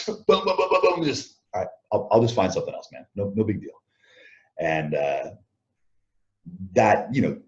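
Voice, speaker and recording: A man being interviewed as a guest, telling backstage stories in a casual way, acting out what others said and chuckling often. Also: fairly low pitch. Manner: animated anecdotes, acts out quoted lines, chuckles often. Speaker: interview guest, former wrestler. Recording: dull lo-fi audio.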